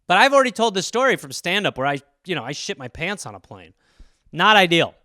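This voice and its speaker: Bright-voiced man riffing on a comedy podcast. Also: sits high, big pitch swings, no echo, clean studio sound. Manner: rambling, profane, acts out little scenes in quick voices.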